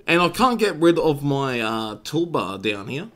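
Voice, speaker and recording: A man's voice: on the high side, sing-song, a little slow, fairly bright tone. A young Australian man hosting a game tournament live-stream, chatting casually with his viewers and swearing freely.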